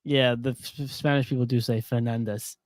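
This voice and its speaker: A man's voice: mid-range voice, fairly even intonation, normal speed, no echo. A man co-hosting a casual sports podcast, playful and teasing. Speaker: podcast co-host.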